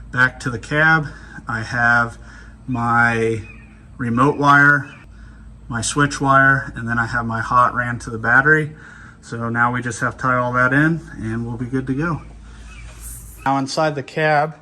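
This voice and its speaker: A man's voice: mid-range voice, bright, forceful tone, a little hiss or hum. A man hosting a car channel, casually explaining a hands-on install step by step while working in a vehicle workshop. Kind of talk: hands-on DIY install walkthrough.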